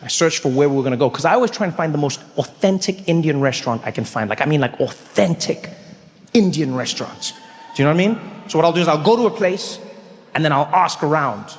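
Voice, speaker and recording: Man, from South Africa, stand-up comedian, animated, slightly high voice, long hall reverb. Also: quick pace. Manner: animated, acts out characters with big pitch jumps. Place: large theater stage. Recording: live hall with long reverb, faint ambience.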